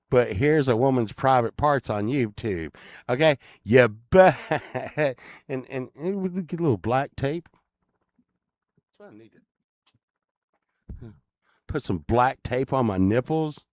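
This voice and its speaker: Slow, rambling man with a lively voice. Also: medium pitch, dry recording, studio quality. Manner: rambling and crude, with a joking grumble. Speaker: channel host. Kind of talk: casual rambling chat to viewers.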